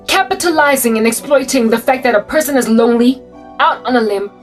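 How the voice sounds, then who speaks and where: A woman's voice: a little high, brisk, recorded from a distance, faint music behind. A woman preaching an informal sermon, rambling and impassioned, sometimes acting out quotes. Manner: rambling, impassioned, breaks into song and acted quotes. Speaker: online preacher. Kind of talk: informal spoken sermon monologue.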